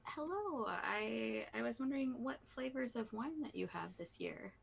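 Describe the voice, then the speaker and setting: A woman playing a polite, friendly young adventurer who asks questions in a halting, curious way in a tabletop role-play. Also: fairly high pitch, expressive, vocal fry, slightly rough, voice pushed up, heavily acted.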